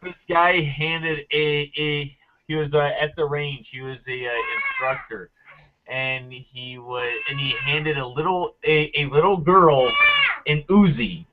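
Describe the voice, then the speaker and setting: A man's voice: on the high side, fairly even intonation, measured pace. Guy telling a story over a tinny phone-like line, lots of hiss. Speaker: chat participant. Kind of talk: casual chat.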